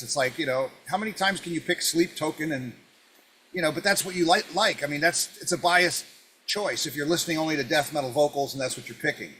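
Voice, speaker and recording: A man's voice: a little high, pushed and bright, slight background noise, poor audio. A man with a New York accent, a guest on a casual panel, talking in a rambling way with many fillers and restarts. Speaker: guest music commentator.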